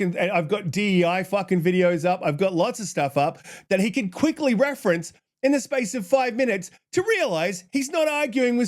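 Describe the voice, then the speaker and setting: A man with a high-pitched voice hosts his channel, worked up and exasperated. He swears freely as he picks apart an online argument, dropping into a flatter tone when he reads the other side's tweets aloud. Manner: heated, profane, exasperated. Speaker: channel host. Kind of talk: ranting commentary.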